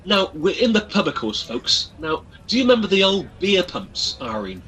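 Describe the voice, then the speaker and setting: A man's voice: high voice, sing-song, normal speed, fairly bright tone, breathy edge, poor audio. An Englishman with an English accent, chatting jovially on a radio show, addressing listeners as folks and stumbling over his restarts. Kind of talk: casual radio chat.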